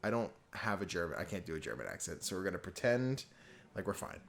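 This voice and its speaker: A man's voice: deep voice, animated, fast talker, vocal fry, fairly bright tone, a little hiss or hum. A man giving casual let's play commentary with joking, self-deprecating asides. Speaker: gameplay commentator. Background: game music.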